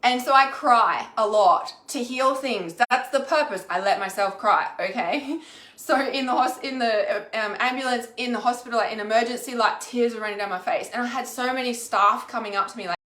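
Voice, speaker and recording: A woman's voice: a little high, brisk, pushed and bright. A woman and intuitive healer talking candidly to her viewers, frank and sweary, peppering her speech with "like" and asking "okay?". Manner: frank and sweary, with frequent "like" and "okay?" check-ins. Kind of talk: casual, candid vlog talk to viewers. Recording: echoey room.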